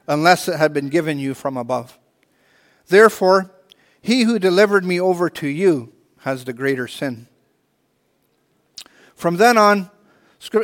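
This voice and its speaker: A man's voice: sits high, big-room sound. A man preaching a sermon and reading scripture aloud, earnest, often restarting and repeating words. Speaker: pastor.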